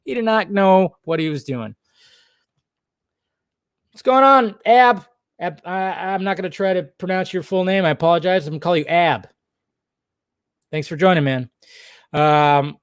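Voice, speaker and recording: A man's voice: on the high side, smooth, dry recording, clean studio sound. A young man hosting a casual livestream, reading chat and rambling, jokey and full of swearing.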